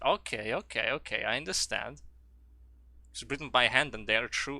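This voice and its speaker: A man streaming a video game live, rambling and joking with profanity, with sudden loud excited bursts. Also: mid-range voice, normal speed, no echo. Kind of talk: casual live gameplay commentary.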